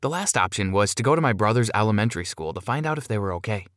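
Man storyteller, expressive low voice, dry close recording. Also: fast talker, no room sound. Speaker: narrator. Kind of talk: scripted first-person story narration.

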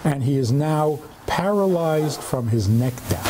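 A man's voice: a little high, expressive, measured pace, noisy background. A man, a rabbi, giving a humorous lecture to a live audience, telling stories and asking rhetorical questions.

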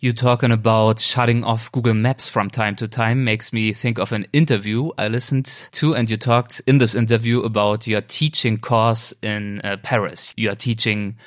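A man interviewing a guest, asking long measured questions. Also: fairly low pitch, steady tone, dry recording, studio quality.

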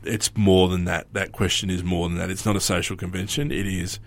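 A man's voice: low-pitched, level tone, fairly quick. An Australian man in his forties hosting a podcast, chatting casually and rambling, acting out quoted phrases. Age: 40s. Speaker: podcast host. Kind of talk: casual chat.

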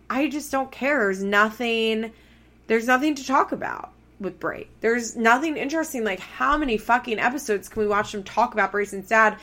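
A woman's voice: on the high side, bright, forceful tone. Blunt, sweary woman recapping reality TV. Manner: blunt, swears freely, heats up when annoyed. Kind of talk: casual opinionated recap.

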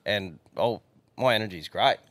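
A man, co-hosting a podcast in relaxed, hesitant chat. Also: fairly low pitch, moderate pace, dry recording. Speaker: podcast co-host. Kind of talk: casual chat.

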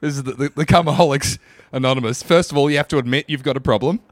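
A man's voice: mid-range voice, fast, dry recording, studio quality. A young man co-hosting a comedy podcast, rambling with crude, self-mocking banter. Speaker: podcast co-host.

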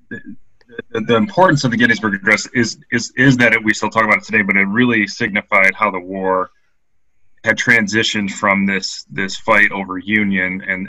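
A man co-hosting a podcast, talking in a halting way with many restarts. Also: lowish voice, pushed and bright, no echo, rough recording. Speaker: podcast co-host. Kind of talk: casual discussion.

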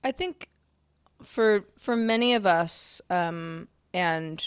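A woman's voice: fairly low pitch, takes it slowly, smooth, dry recording, studio quality. A woman in casual conversation, talkative, often restarting her sentences with light laughs. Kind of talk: casual chat.

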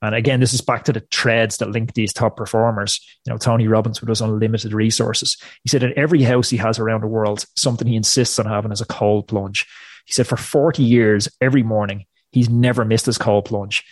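A man's voice: lowish voice, steady tone, a little fast, no room sound. Emphatic motivational man, dry sound. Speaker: guest. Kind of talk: podcast interview talk.

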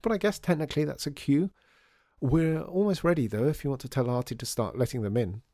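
A man's voice: medium pitch, a little fast, mellow, dry recording, clean studio sound, pitched above the performer's own voice, lightly acted. A man reading a storybook voices a chatty, cheerful female shopkeeper.

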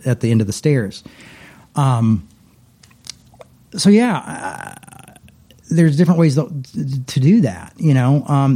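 A man's voice: mid-range voice, mellow. A middle-aged man, a pastor, talking casually in a rambling way, with many restarts and repeated words. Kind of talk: casual conversation.

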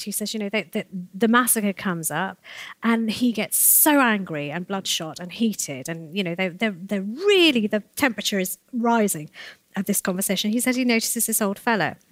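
A woman guest telling a story in conversation, acting out the voices of the people she quotes with big jumps in pitch. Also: a bit bright, no room sound. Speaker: author guest.

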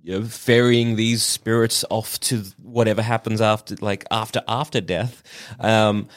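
A man with a fairly low voice talks casually, rambling along with lots of fillers and restarts. His talk is easygoing and loose. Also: steady tone, unhurried. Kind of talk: casual gaming chat.

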